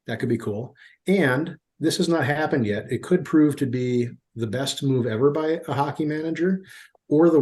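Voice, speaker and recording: A man's voice: medium pitch, darkish tone. A man in his forties, a podcast guest, telling stories at an easy pace with plenty of fillers. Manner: rambling storyteller with many fillers. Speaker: guest, youth hockey manager. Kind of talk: casual podcast chat.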